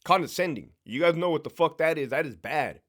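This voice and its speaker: Profane, animated male storyteller. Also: fairly high pitch, fairly quick. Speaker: former prison sergeant telling stories. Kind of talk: casual storytelling monologue.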